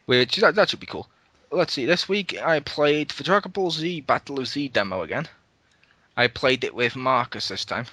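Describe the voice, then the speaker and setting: Recorded dry, this podcast host speaks at a medium pitch and normal speed. He's animated in his casual gaming chat, laughing often and dropping swear words without much thought.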